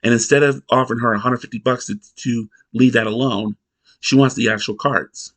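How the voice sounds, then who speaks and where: A man's voice: medium pitch, steady tone, fairly bright tone. A male reviewer recaps a sitcom in a loose, casual voice. He rambles, halts and restarts sentences as he goes. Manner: rambling, halting, restarts a lot. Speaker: TV episode reviewer.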